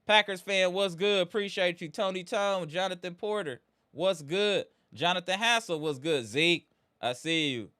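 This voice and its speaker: A man's voice: high voice, normal speed, pushed and bright, smooth. A man hosting a live sports fan stream, greeting viewers by name and venting about his team's loss. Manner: hype, greets chat by name, frustrated. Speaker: livestream host.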